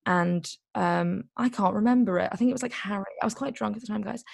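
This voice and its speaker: A woman telling a story in a casual, chatty way, full of "like" and quick asides. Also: mid-range voice, gravelly, a little mellow, dry recording, studio quality. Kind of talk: casual chat.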